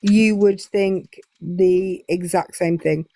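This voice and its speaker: A woman's voice: fairly low pitch, steady tone, takes it slowly, dark tone, no echo. A young English woman chatting casually as a guest on a live stream, hesitant with many fillers. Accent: English, southern Midlands. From England.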